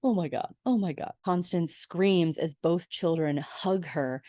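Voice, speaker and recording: A woman's voice: deep voice, mellow, dry recording, studio quality. A woman hosting a podcast, expressively recapping a TV episode with gasps and exclamations. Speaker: podcast host.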